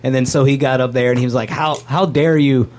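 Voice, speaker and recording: A man's voice: mid-range voice, fairly even intonation, quick pace, a little mellow. A man, a comedian guest, chatting casually and hesitantly, with many fillers and restarts. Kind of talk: casual chat.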